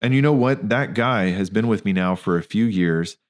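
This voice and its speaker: A man in his thirties with a fairly low voice speaks as a podcast host. He talks candidly and emphatically, full of slang and asides. He tells personal stories casually. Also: normal speed. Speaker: podcast host, physician and practice owner. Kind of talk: casual spoken monologue.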